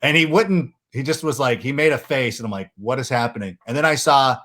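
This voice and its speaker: A man's voice: medium pitch, fairly quick, fairly bright tone. A man hosting a podcast in casual chat, telling stories animatedly and acting out quotes in raised voices. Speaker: podcast host.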